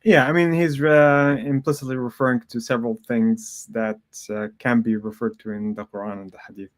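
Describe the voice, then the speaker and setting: A man with a mid-range voice co-hosts a casual talk show. He explains things slowly and hesitantly, with many ums and uhs. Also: medium pitch, steady tone.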